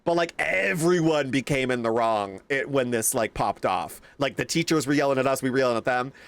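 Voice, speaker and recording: A young man streaming a game, casually reacting to chat and telling animated stories with plenty of swearing. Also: mid-range voice, fairly quick, gravelly, no room sound.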